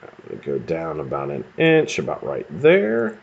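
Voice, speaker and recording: A man's voice: sits low, very animated, fairly quick, few pauses. An American man hosting a live stream, chatting casually and rambling with casual swearing while he builds coils. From United States. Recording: dull lo-fi stream audio.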